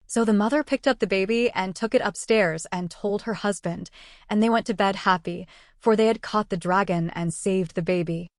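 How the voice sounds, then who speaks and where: A woman's voice: mid-range voice, normal speed, dry recording, studio quality. Woman reading a storybook aloud. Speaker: narrator. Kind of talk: storybook narration.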